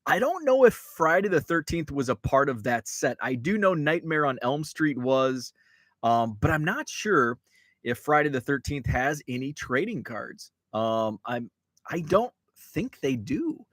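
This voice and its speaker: A man's voice: a little high, big pitch swings, measured pace, a bit bright, no echo. A man hosting a casual live stream, reading chat messages and rambling through stories with plenty of fillers and restarts.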